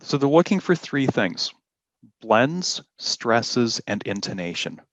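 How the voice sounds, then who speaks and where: A man teaching an exam-prep class, explaining slowly and deliberately and stressing key words. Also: mid-range voice, big pitch swings, no echo, lo-fi sound. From Canada. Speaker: IELTS teacher. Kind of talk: classroom lesson.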